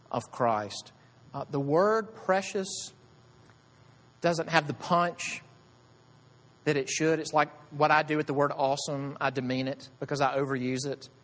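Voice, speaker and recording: A pastor preaches in a conversational way, firing off rhetorical questions to his congregation. His pitch rises and falls with a lot of life, sitting a little high for a man. The sound carries a long reverb from the church hall. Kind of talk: sermon.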